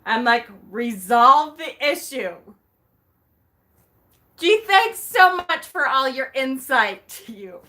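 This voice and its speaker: A woman vlogger telling a story about her day in a casual, animated way, laughing often and acting out her own reactions. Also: high voice, slow, hardly any pauses.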